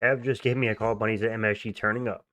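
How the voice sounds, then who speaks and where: A young man hosts a casual livestream, answering viewer comments in offhand, slangy talk. His voice sits low. The sound is close and dry. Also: steady tone, quick pace, fairly bright tone, no echo. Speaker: livestream host.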